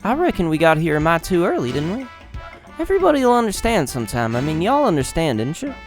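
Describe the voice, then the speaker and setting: A man's voice: on the high side, wildly swooping pitch, fast talker, soft background music, voice pushed up. A man putting on a drawling folksy village woman.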